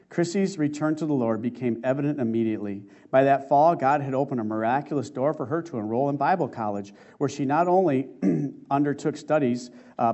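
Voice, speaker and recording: A man preaching a sermon, reading a testimony aloud in an earnest, emotive way with slow dramatic stresses. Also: medium pitch, mellow. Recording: muffled lo-fi recording.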